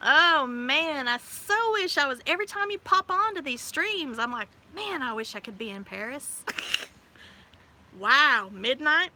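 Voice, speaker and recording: A woman in her forties chatting casually on her live stream outdoors, bubbly and quick to laugh. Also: high voice, sing-song, bright, forceful tone. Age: 40s. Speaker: livestream host. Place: outdoors by a pool on a windy day. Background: wind gusts.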